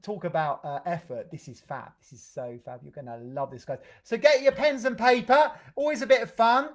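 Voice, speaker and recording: An adult leads an online drama session with upbeat praise and loose, improvised links. The voice sits in a middle pitch. It comes through a video call. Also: brisk. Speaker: drama group leader.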